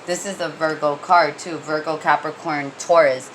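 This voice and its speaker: A woman's voice: deep voice, fairly even intonation, normal speed, a little hiss or hum, poor audio. A woman giving a casual tarot reading, rambling and conversational with many fillers and restarts, and blunt when she gets heated. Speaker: tarot reader.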